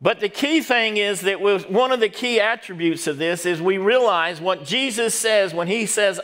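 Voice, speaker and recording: A man's voice: high voice, moderate pace, a bit bright. A middle-aged man, a pastor preaching a sermon and drawing call-and-response from the congregation.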